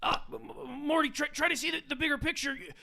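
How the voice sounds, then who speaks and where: A man's voice: very high voice, fairly even intonation, fast, creaky, bright, forceful tone, voice pushed up, exaggerated voice. A man voicing a selfish old mad scientist who stutters and drawls dismissively.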